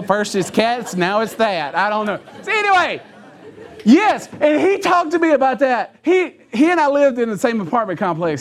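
A pastor with a fairly high voice, preaching a sermon in a church. He tells funny stories about himself in a folksy, self-mocking way and laughs at his own jokes before turning to his message. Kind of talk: sermon with humorous storytelling. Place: church sanctuary.

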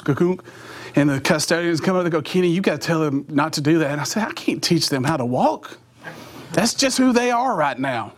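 A middle-aged man speaking to teenagers in a youth sermon. His voice sits fairly high, and he tells stories with energy, acting out sound effects and quoting his friends in their voices. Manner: animated storytelling with voiced sound effects and impressions.

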